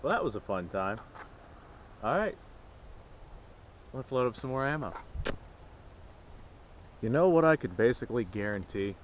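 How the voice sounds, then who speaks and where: A man's voice: medium pitch, sing-song, measured pace, pauses often, noisy background. A man making a sarcastic, mock-serious vlog outdoors at a shooting range. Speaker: gun vlogger.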